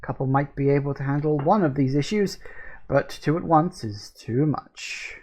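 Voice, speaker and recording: A woman hosting a gaming video, giving casual let's-play commentary, easily excited, quick to laugh and swear, and reading game prompts aloud. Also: low voice, slightly rough.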